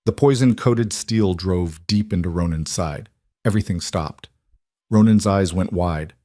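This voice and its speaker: Man, audiobook narrator, low voice, dramatic, measured, dry sound. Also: warm tone, dry recording. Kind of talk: scripted narration.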